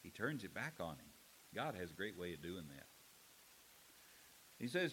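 A man preaching a sermon in an animated way, acting out quotes with voices. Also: low voice, moderate pace, pauses often, slight background noise. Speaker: pastor.

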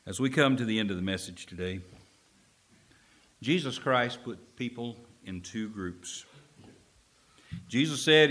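Guy preaching a sermon, tells a story, goes quiet then punches lines out loud, in a church. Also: mid-range voice, expressive, unhurried, long pauses. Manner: storytelling preacher, swings from soft asides to loud emphatic lines. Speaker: pastor.

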